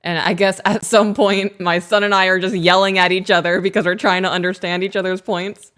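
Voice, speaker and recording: A woman co-hosting a podcast, chatting casually and telling family stories in an animated way. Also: mid-range voice, fairly quick. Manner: chatty storyteller, animated retelling. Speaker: podcast co-host. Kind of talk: casual chat.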